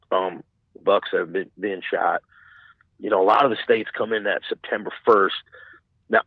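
A man's voice: on the low side, breathy edge, no echo. Rambling man on a tinny line. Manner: rambling, many restarts and "you know what I'm saying". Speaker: podcast guest, hunter. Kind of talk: casual chat.

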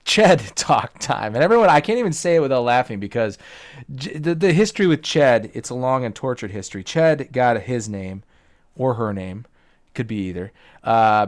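A man hosting a casual podcast interview, chatty and jokey, often laughing as he talks. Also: medium pitch. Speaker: podcast host.

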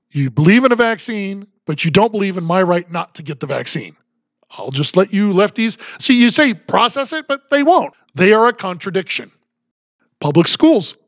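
Hosting a political commentary podcast, this man speaks with an extremely high pitch and a fairly bright tone, with no echo. His delivery is emphatic, combative, and sarcastic.

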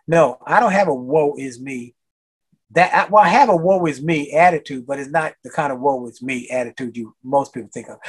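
A man's voice: fairly high pitch, expressive, quick pace, breathy edge. An older man, a motivational speaker, giving a guest interview in a preachy way, repeating his key phrases for emphasis. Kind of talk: energetic podcast interview.

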